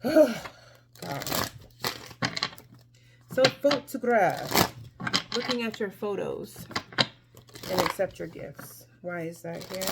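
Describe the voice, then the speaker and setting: A woman's voice: mid-range voice, animated, drawn-out words, vocal fry, pauses often, very noisy. A woman giving a casual tarot reading to her viewers, chatty and emphatic, with many fillers and restarts. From Mexico. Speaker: tarot reader.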